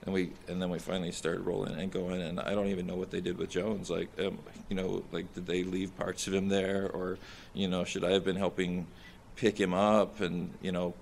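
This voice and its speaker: A young man, a soldier in therapy, recounting combat in a halting, distressed way with many restarts and fillers; he sounds shaken and nauseous. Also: sits low, level tone, gravelly, darkish tone, slight background noise.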